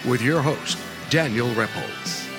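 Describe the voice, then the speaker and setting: A man's voice: medium pitch, slow. A man delivering a dramatic trailer-style voice-over for a podcast intro. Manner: dramatic, announcing. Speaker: show announcer. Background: guitar music.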